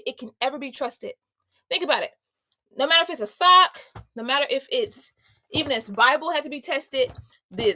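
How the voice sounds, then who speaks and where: Woman host, high bright voice, punchy slangy motivational faith talk to camera. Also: no room sound, studio quality. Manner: emphatic, conversational and slangy, addressing listeners directly. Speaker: homemaker, entrepreneur and mother.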